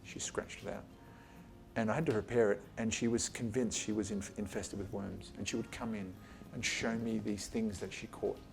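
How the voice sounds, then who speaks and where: A man with a gravelly voice on the low side speaks at normal speed with fairly even intonation. He's an Australian eye surgeon giving an informal talk to a small group of colleagues in his office, blunt and chatty, swearing casually and acting out exchanges with patients.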